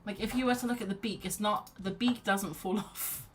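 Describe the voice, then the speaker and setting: Hosting a casual live painting chat on an art livestream, a woman is chatty and self-deprecating and laughs a lot. Her voice is medium-pitched with fairly even intonation at a moderate pace, and a little hiss or hum runs underneath.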